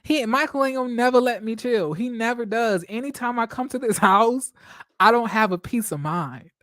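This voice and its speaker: A man hosting a casual live stream from home, telling stories in a dramatic, expressive way, swearing freely and laughing often. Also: extremely high pitch, normal speed, dry recording, clean studio sound.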